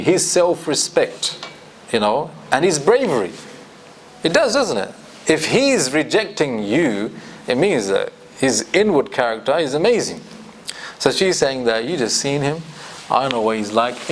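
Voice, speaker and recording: Lively man teaching a class. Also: on the high side, a little hiss or hum. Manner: explanatory, asks the class questions. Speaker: Quran teacher. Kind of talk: classroom tafsir lecture. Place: classroom with students.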